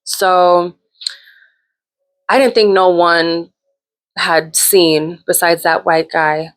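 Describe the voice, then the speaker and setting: A woman with a slightly low-pitched voice hosts her own show and tells a personal story. She talks in a loose, chatty way. She is frank and swears freely. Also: steady tone, extremely slow. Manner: candid, profane, chatty. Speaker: host. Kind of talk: casual storytelling.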